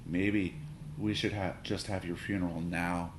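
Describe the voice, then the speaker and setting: A man voicing a timid little girl in a children's story, speaking softly. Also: deep voice, little pitch movement, unhurried, noisy background. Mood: whispering. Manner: soft, whispery, hesitant. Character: young girl, Annabelle, timid little sister.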